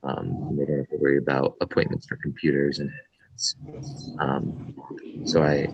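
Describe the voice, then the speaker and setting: A man on a board speaking up at a meeting, slowly searching for his words. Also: a bass voice, little pitch movement, noisy background. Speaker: board member. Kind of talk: meeting comment. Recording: dry, dull lo-fi audio.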